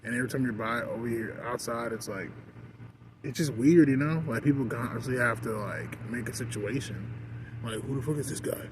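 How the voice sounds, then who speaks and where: Outdoors in a park, a male vlogger vents in a casual rant, rambling along with plenty of "like" and "you know." His voice is mid-range and his pace moderate. Passing vehicles and outdoor ambience make the background noisy.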